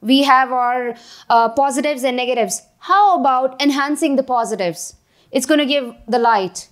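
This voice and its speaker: A woman on a conference panel, speaking in a halting, encouraging way with uneven phrasing. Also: high-pitched. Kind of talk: panel discussion.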